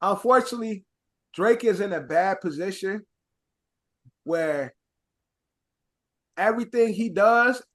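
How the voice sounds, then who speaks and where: A young man from Chicago co-hosting a podcast in casual chat, with a Chicago accent mixed with New York slang, talking in an animated, rambling way full of swearing. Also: high voice, unhurried, long pauses. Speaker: podcast co-host.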